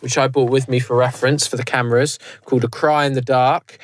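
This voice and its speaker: A British man co-hosting a podcast, talking in a loose, rambling way and often breaking off to restart a sentence. His voice is mid-pitched and sounds close and dry, with little room around it. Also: flat delivery, fairly quick, no room sound. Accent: British English. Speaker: podcast co-host. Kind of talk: casual podcast chat. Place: recorded live in a converted prison.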